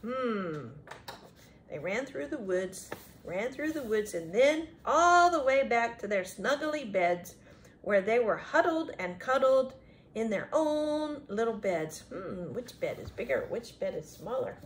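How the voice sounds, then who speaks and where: Animated high-voiced woman reading to children. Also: slow pace, slight background noise. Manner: animated, asks the young listeners questions. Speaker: storyteller reading a picture book aloud to children. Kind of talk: children's read-aloud with chatty commentary.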